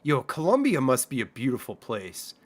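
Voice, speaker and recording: A man's voice: mid-range voice, huge pitch swings, moderate pace. A young Canadian man streaming a game, rambling and swearing casually as he plays. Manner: rambling, profane, chatty. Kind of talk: casual gaming commentary.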